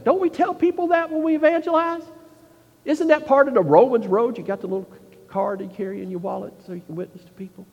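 A man preaching a sermon, emphatic and full of rhetorical questions, often dropping to a quiet, intense tone. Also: extremely high pitch, steady tone, fast, creaky, long reverb tail, lo-fi sound.

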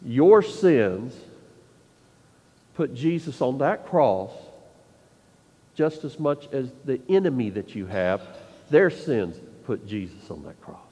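A man preaching a sermon, emphatic and full of rhetorical questions, often dropping to a quiet, intense tone. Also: mid-range voice, very animated, takes it slowly, pauses often, slightly rough, long reverb tail.

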